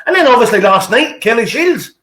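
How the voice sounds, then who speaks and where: Northern Irish male interviewer, high voice, rambling chatty questions, roomy echo. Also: very animated, a little fast, sharp tone. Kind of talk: casual interview chat.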